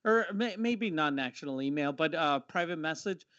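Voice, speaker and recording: A man's voice: on the high side, animated, normal speed, a bit bright, no echo. A man co-hosting a comedy podcast, telling stories in loose, rambling, profane chat. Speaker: podcast co-host. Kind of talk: casual comedic banter. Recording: dull lo-fi audio.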